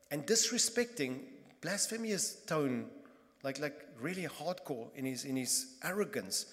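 A man preaching a sermon as pastor, emphatic and impassioned, repeating phrases and swinging between loud bursts and hushed moments. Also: on the high side, animated, a little slow. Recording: long reverb of a large hall.

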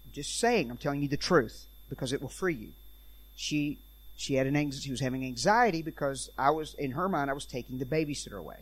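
A man preaching in a church, telling animated stories and acting out the people in them. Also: mid-range voice, a little fast, slightly rough. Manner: animated storyteller, acts out quoted voices. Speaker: traveling preacher and speaker on parenting.

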